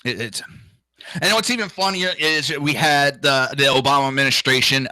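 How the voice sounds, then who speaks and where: A man's voice: medium pitch, moderate pace, pushed and bright, no room sound, low-quality recording. A man hosting a political talk show, ranting crudely and indignantly, with profanity and mocking impressions of others. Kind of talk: ranting solo commentary.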